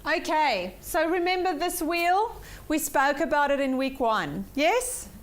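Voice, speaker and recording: Woman, personal development teacher, high voice, upbeat, repeats for emphasis, workshop lesson. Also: lively intonation, measured pace. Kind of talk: weekly workshop lesson to a class.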